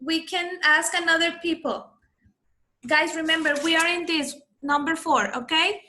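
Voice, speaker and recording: A woman with a high, bright voice leads an online class for children. She is patient and coaches each pupil's pronunciation. She speaks over a computer microphone on a video call. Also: normal speed. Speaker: English teacher.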